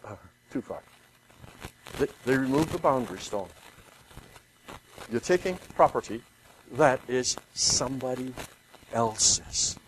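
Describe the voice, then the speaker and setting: A man teaching a Bible lesson outdoors, reading passages aloud with animated, rising emphasis on the quoted lines. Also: medium pitch, slow, pauses often, rough recording. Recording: outdoor recording with loud boat and water noise.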